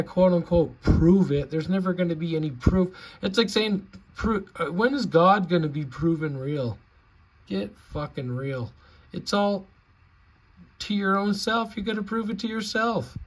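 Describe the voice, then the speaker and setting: A man's voice: on the high side, husky. A man ranting in a vlog, angry and sarcastic, swearing heavily. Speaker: vlogger.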